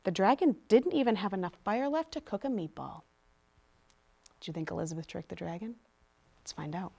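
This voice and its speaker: A woman's voice: mid-range voice, brisk, gravelly, slightly rough. A woman reading picture books aloud at a storytime, chatting to the children between pages. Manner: animated, chatty asides to kids. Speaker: storytime reader.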